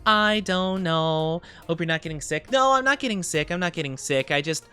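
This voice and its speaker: A young adult woman streaming live, chatting casually and greeting viewers by name, a little tired and quick to giggle. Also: lowish voice, expressive, pushed and bright, soft background music. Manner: chatty, reads viewer comments aloud and greets them, giggly.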